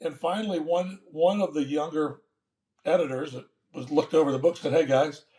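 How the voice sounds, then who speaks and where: An older man with a slightly high voice tells a long story in an interview. He is folksy and animated, and he acts out the other people's lines as he goes. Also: moderate pace. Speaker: guest, former baseball manager.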